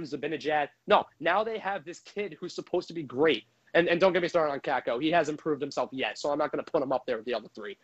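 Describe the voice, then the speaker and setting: A man with a high voice rants heatedly about hockey as a frustrated fan, swearing freely. He speaks into a microphone. The recording sounds dull and lo-fi. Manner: heated, profane, frustrated ranting. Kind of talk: ranting sports commentary.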